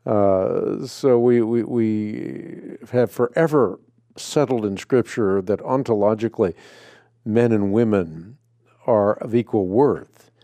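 A man hosting a radio call-in show, speaking in a measured, deliberate way with frequent filler sounds. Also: lowish voice, mellow, dry recording.

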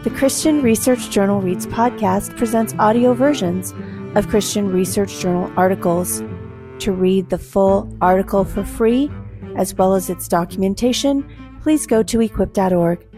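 A woman reading a formal, scripted podcast introduction in a clear announcing manner. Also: mid-range voice, normal speed, over music.

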